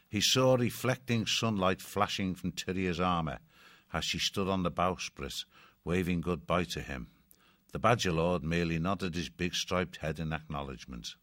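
Man, audiobook narrator, very low voice, dry close sound, measured storybook reading. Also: fairly bright tone, no room sound.

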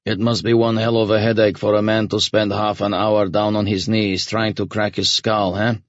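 A man's voice: fairly low pitch, normal speed, no echo, dull audio, voice pushed up, lightly acted. A man doing a blunt hardened army commander. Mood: grim. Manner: flat, matter-of-fact, raised. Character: hardened middle-aged male military commander, blunt.

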